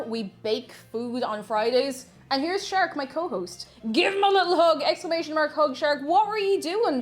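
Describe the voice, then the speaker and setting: Woman streamer, chatty and giggly, slightly high voice, live from home kitchen with soft background music. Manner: chatty and excitable, laughs often, greets viewers warmly. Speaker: variety streamer hosting a baking stream. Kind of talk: casual live-stream chat. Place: her own dim home kitchen.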